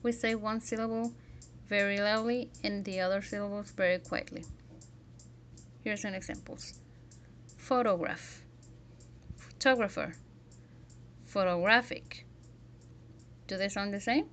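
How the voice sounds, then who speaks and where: A woman's voice: medium pitch, little pitch movement, moderate pace, a little hiss or hum. A woman teaching a pronunciation lesson, carefully modelling example words one by one.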